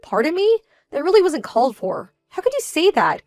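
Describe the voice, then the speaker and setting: A woman voicing a young bride-to-be who sounds indignant, measured and cold. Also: high-pitched, huge pitch swings, darkish tone, faint music behind, full character voice. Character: young bride-to-be, hurt and proud, quietly fierce. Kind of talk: scripted story drama.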